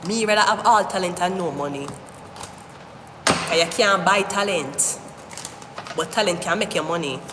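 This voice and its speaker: A woman giving a live-stream tarot reading, talking straight to the viewer in an animated, rambling way, often cursing. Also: lowish voice, moderate pace, long pauses. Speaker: tarot reader. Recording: echoey room with long reverb, faint hiss.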